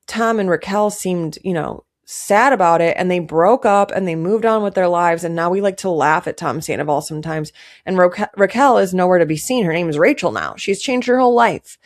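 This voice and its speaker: A woman's voice: medium pitch, darkish tone. A young woman giving casual, indignant commentary to camera, stressing her points by repeating them. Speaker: pop culture commentator.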